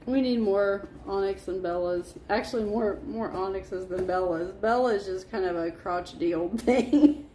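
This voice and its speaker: A woman's voice: medium pitch, moderate pace, dark tone, a little hiss or hum. A woman chatting casually on a livestream from her living room, talking to her dogs and laughing often. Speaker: livestream host. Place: living room being painted, indoors.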